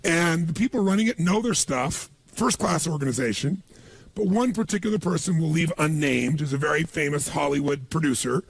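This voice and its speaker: A motivational speaker gives a seminar talk, animatedly telling stories to the audience and acting out the people he quotes. His voice sits on the high side with a breathy edge.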